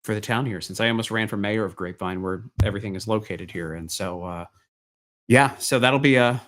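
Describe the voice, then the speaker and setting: A man's voice: on the low side, brisk, a bit bright. A middle-aged man hosting a casual online talk show, chatting loosely and rambling from one thought to the next. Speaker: host. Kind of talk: casual chat.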